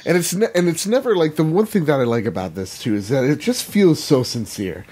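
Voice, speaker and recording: Husky, earnest podcast co-host. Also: male voice, fairly high pitch, big pitch swings, brisk, dark tone. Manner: earnest, swears freely, many "like"s. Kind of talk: casual gaming podcast chat.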